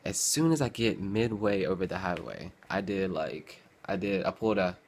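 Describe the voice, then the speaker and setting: A man's voice: low voice, normal speed, a little hiss or hum. Young man rambling through a story. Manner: rambling, animated, acts out his past self with groans and sighs. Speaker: vlogger. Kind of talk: casual storytelling.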